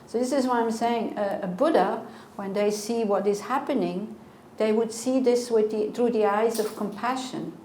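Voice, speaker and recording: A woman's voice: a little high, moderate pace, few pauses, a little mellow. A woman in her sixties, a Buddhist teacher, giving a conversational dharma talk and answering questions with earnest rhetorical asides. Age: 60s. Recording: echoey room, faint noise.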